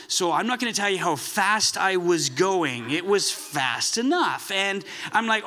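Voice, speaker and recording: A man's voice: fairly high pitch, expressive, normal speed, hardly any pauses, bright, forceful tone. A man preaching a sermon in a chatty, self-deprecating storytelling way, with many restarts. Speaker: pastor.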